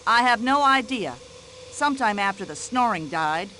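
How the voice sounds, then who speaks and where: An actress playing a brash, nosy older American widow with an American accent, fussing and complaining in a game. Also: female voice, medium pitch, animated, moderate pace, pushed and bright, a little hiss or hum. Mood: indignant. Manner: indignant, nosy, fussy complaining chatter. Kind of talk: video game voice acting.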